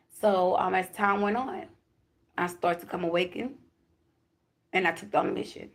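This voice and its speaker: A woman's voice: medium pitch, unhurried, gravelly, long pauses. A woman talking casually and emphatically to her viewers as a spiritual reader. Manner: chatty, emphatic, addresses viewers directly.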